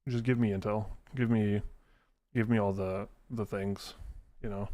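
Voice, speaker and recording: A man live-streaming a video game, ranting in an animated, exasperated way with lots of swearing, then muttering through menus. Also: lowish voice, unhurried. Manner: mutters menu choices under his breath while playing. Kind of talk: casual live-stream gameplay commentary.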